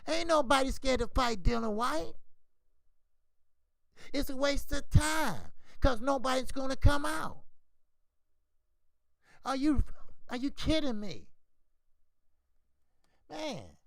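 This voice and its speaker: A man hosting a boxing channel, talking casually in animated, profane trash-talk. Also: very high voice, takes it slowly, creaky, long pauses, no room sound. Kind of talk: casual commentary.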